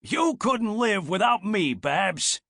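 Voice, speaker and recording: A man's voice: high voice, sing-song, takes it slowly, creaky, pushed and bright, no room sound, studio quality, voice pushed up, full character voice. Porky, a man doing a wisecracking guinea pig. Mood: teasing. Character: sassy male guinea pig, a scheming faker.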